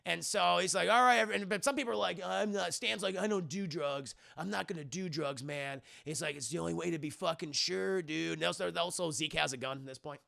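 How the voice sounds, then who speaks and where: A young man recapping a movie for a live chat in a rambling, profane way, jumping into quick voices for each character. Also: a little high, vocal fry, fairly bright tone. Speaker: streamer reviewing a movie.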